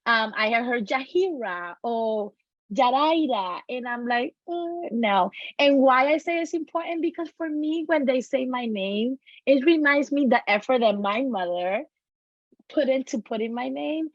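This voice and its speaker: A woman's voice: sits high, moderate pace, no echo, lo-fi sound. A woman from Puerto Rico who works as a paraeducator, speaking earnestly and from the heart. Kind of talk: casual presentation.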